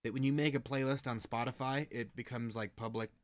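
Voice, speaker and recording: Young male co-host, casual over-drinks banter, animated and foul-mouthed, middle pitch, dry close sound. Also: fairly quick, no room sound. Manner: animated and profane, swears often.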